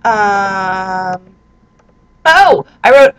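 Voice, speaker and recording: Young woman vlogger, fairly high voice, loose rambling chat, jokey and self-deprecating, recorded at home on a handheld recorder. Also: sing-song, slow, fairly bright tone, low-quality recording. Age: 20s. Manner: rambling, chatty and self-mocking. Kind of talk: casual chat reading out her own posts. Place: her apartment, indoors.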